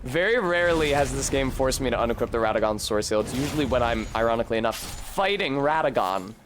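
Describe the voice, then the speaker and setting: A man's voice: mid-range voice, expressive, quick pace, fairly bright tone, a little hiss or hum. A man chatting casually and swearing while streaming a video game, often laughing. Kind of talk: casual gameplay commentary.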